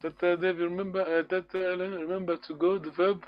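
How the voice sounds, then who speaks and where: A man's voice: sits high, level tone, brisk, dry recording, highs cut off. A man teaching a language class online, encouraging students and repeating words often.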